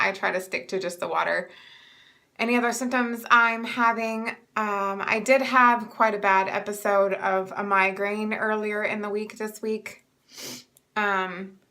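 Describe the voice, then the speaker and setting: A young woman talks casually to her viewers in a bright, clear-toned voice. She sounds a little stuffed up and short of breath, and she rambles along with plenty of ums. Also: mid-range voice. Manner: chatty, rambling with many ums. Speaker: vlogger sharing pregnancy updates. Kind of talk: casual chat to camera.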